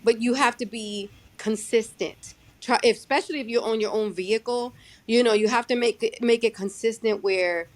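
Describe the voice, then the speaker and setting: A young adult woman who drives her own truck, talking casually in a podcast interview, halting and restarting her sentences often. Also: fairly high pitch, fairly even intonation. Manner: halting, many restarts and fillers. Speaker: guest, owner-operator truck driver.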